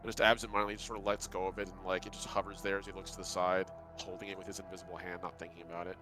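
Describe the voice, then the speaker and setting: A man running a tabletop game as game master, calmly narrating actions step by step. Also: low voice, very fast, hardly any pauses, music in the background.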